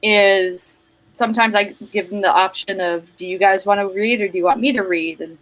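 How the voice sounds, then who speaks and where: A woman from New Jersey, a teacher, telling stories in a casual chat with animated, self-conscious laughs. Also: medium pitch, normal speed, rough recording. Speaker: teacher and guest.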